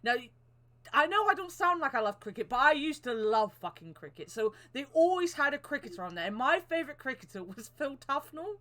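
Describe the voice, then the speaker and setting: Young girl on a podcast, bright voice, swears a lot, gets emotional easy. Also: high-pitched, very animated, brisk. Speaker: podcast co-host. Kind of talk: casual chat.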